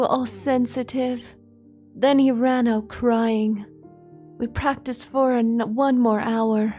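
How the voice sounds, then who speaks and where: A young woman reading a fan fiction aloud in a deadpan comic manner, with sarcastic asides. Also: a little high, slow, soft background music. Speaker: virtual streamer reading aloud.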